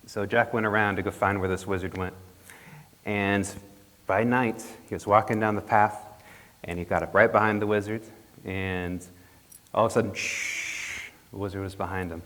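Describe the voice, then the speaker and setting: A man's voice: lowish voice, fairly even intonation, moderate pace, long pauses, a bit bright. A man telling a folk tale to a congregation in a playful, chatty way, with jokey asides. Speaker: storyteller. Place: church hall. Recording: long reverb of a hall.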